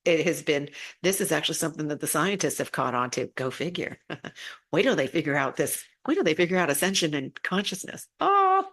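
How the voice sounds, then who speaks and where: A woman with a low-sitting voice teaches casually about spiritual energy and healing at a brisk pace. She's chatty and relaxed, often repeating herself and restarting sentences.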